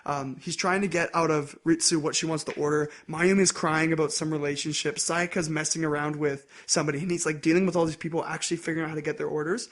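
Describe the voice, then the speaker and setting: Man, podcast host, casual recap, lively retelling, slightly high voice. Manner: animated retelling, acts out character lines in quick voices. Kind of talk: casual anime recap chat.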